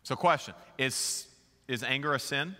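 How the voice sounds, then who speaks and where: A middle-aged man preaching a sermon in a loose, talky style, throwing questions at the congregation. His voice is bright and forceful. A long reverb trails after his words in a large church hall. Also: mid-range voice, measured pace. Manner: conversational, rhetorical questions, animated. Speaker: pastor.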